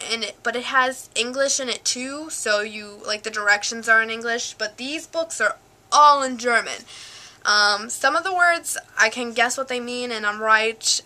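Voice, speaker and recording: Filmed on a flip cam, a young woman chats casually in a fairly high, bright, forceful voice. Her vlog rambles along, packed with fillers like "like" and "um."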